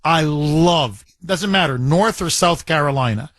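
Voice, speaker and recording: A radio talk show host runs a call-in show from a studio mic, chatting and repeating phrases for emphasis. His voice is a little high and a bit bright, dry and close, at a measured pace.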